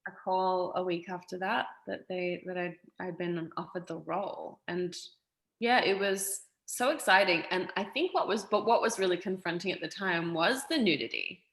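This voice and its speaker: An actress from Australia telling stories in a casual interview, animated and expressive. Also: female voice, on the low side, normal speed, roomy sound, rough recording. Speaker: actress, guest.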